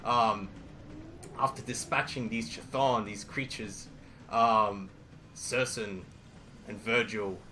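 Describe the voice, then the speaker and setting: A man narrating dramatically as game master of a tabletop role-playing game, halting now and then with fillers. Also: fairly low pitch, fairly even intonation, pushed and bright, slight background noise.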